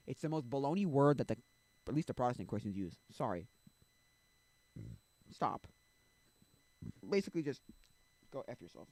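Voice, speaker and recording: A man's voice: mid-range voice, sing-song, normal speed, pauses often, darkish tone, no echo, rough recording. A man streaming and chatting casually, rambling and blunt, full of restarts and asides to his chat. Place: home streaming setup.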